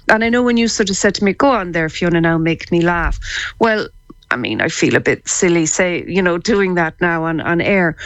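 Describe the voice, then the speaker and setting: A woman's voice: lowish voice, no echo, poor audio. Enthusiastic Irish woman therapist. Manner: warm, laughing, enthusiastic explainer. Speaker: psychotherapist and laughter therapist. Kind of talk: radio interview guest.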